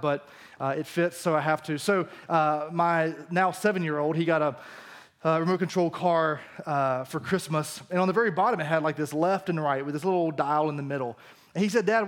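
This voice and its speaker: A male pastor preaching a sermon in a church, acting out the disciples' lines as he goes. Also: on the high side. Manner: animated, acts out the disciples' lines.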